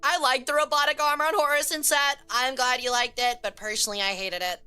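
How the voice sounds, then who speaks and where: Woman streamer, casual and chaotic, crude jokes, bright and tense tone, faint music underneath. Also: sits high, fairly even intonation, a little fast, few pauses, smooth. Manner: chaotic, crude joking with chat. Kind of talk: casual live-stream chat.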